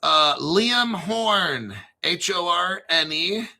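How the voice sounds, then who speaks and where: A man with a high, very bright and piercing voice hosts a crypto show, speaking very slowly with vocal fry. His monologue is loose and rambling, excitable and full of swearing, and he pauses now and then to spell names out letter by letter.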